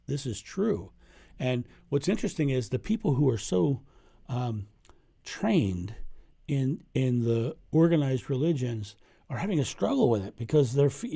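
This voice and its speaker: A middle-aged man speaks in a dark, mellow tone with a gravelly edge. He talks as a spiritual coach answering questions live, earnest and story-driven. He circles back on key phrases to drive them home. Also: medium pitch. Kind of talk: livestream Q&A monologue.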